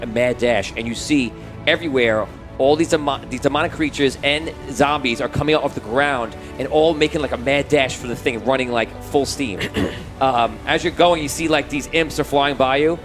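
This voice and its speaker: Hombre narrando una partida de rol. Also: male voice, medium pitch, fairly bright tone. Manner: rambling, many fillers and restarts. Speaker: game master. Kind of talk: narrating a tabletop game. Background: background music.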